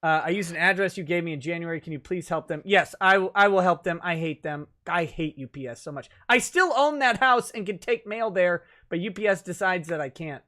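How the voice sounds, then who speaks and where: Guy hosting a livestream, upbeat, laughs a lot, reads chat out loud. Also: high-pitched, lively intonation, brisk, hardly any pauses. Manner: reads viewer chat comments aloud; laughs often, enthusiastic. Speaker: livestream host.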